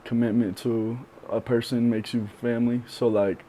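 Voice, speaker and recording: A young man being interviewed on a podcast, speaking candidly and reflectively, with many pauses and fillers. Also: medium pitch, level tone, warm tone, a little hiss or hum. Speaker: podcast guest.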